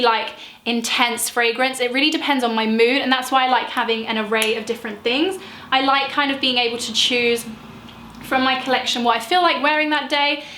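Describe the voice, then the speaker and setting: A chatty young woman, rambling and gushing as she reviews her collection. Her voice is crisp and bright and sits a little high. The room around her is echoey. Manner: gushing, rambling, lots of fillers. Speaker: beauty vlogger. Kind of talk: chatty product review vlog.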